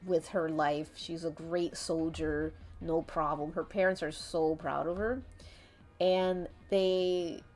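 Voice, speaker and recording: A woman's voice: fairly low pitch, a little mellow. A woman streaming while she draws, chatting in a rambling, giggly way and swearing casually. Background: faint background music.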